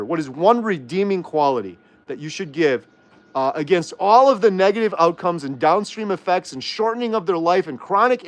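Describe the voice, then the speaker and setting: This livestream host has a high-pitched male voice with no echo. He reads viewer comments aloud, arguing heatedly and throwing out one rhetorical question after another.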